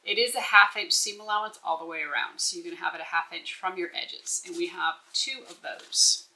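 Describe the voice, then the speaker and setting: Bright-voiced woman teaching sewing. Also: fairly low pitch, steady tone, a little fast, poor audio. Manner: instructive, checks in with "okay?". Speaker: bag-making instructor. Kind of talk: step-by-step sewing tutorial.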